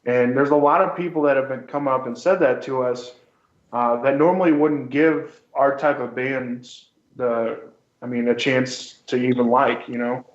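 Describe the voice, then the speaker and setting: A man who recently joined a band, answering earnestly in a halting way, full of "I mean" and "like." His voice sits mid-range for a man and sounds roomy and a little dull. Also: medium pitch, steady tone. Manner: earnest, halting, many fillers. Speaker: band member guest. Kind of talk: casual interview chat.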